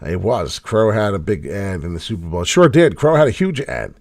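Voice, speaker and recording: A man's voice: very animated, brisk, no echo. Guy streaming chart talk, blunt and sweary, voice jumps all over, dry close mic. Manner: blunt, swears, swings from loud hype to low mutters. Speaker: crypto chart host. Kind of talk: casual livestream chart commentary.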